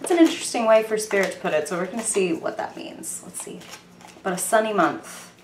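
A young woman chatting casually and excitedly through a tarot reading, full of fillers and quick apologies. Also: mid-range voice, reverberant, background noise. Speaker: tarot reader.

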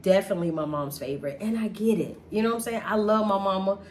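A woman's voice: medium pitch, quick pace, a little hiss or hum. Emphatic woman telling her side. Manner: animated, emphatic, repeats herself for stress. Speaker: host talking about a family conflict. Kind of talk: emotional casual chat.

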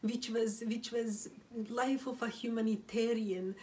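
A grieving woman telling a personal story at home, in a halting voice near tears with whispered phrases and many restarts. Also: on the high side, fairly even intonation, darkish tone, distant mic, poor audio. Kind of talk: emotional first-person storytelling. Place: room at home, seated.

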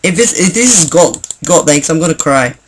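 A young man talks over his game in a slightly high voice, excitable and prone to stammering restarts. He swings into mock outrage at other players. Faint keyboard clicks and typing sit behind him. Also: normal speed, slight background noise. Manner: excitable, stammering, jokingly indignant. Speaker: gaming channel host. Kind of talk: gameplay commentary.

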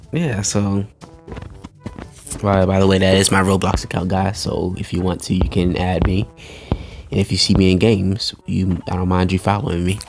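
Chatty low-voiced man gaming host. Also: creaky. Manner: chatty, talks to viewers as guys, laughs often. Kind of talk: casual gameplay commentary.

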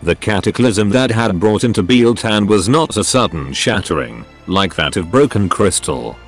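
Brief: computer-voiced male narrator, low pitch, lively contour, steady storybook reading. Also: moderate pace, slightly rough, faint music behind.

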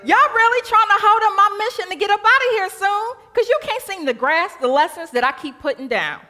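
A woman's voice: medium pitch, animated, a little slow, pushed and bright. A woman voicing Jesus as an exasperated teacher scolding his followers in casual slang.

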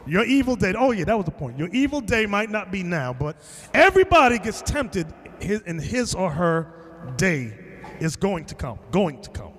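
A man preaching to a class, telling a story with lively acted-out quotes and bursts of shouting. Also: high voice, normal speed, in a large hall. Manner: animated storytelling, acting out quotes, shouting at times. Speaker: teacher. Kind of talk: sermon.

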